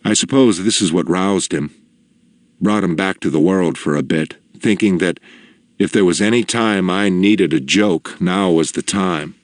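A man narrating a personal story in the first person, slow, measured and reflective. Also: low voice, dry recording.

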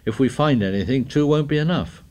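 A man's voice: mid-range voice, expressive, a little fast, a little mellow, voice pushed up, natural voice. A man reading the lines of a tired, earnest boy leader in an audiobook, strained and insistent. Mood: tense.

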